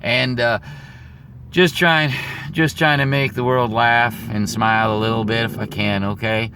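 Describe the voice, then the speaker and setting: A man's voice: mid-range voice, steady tone, a little slow. A male comedian giving a rambling, crude comic monologue with lots of fillers. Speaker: comedian and comic country singer. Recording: noisy with traffic behind.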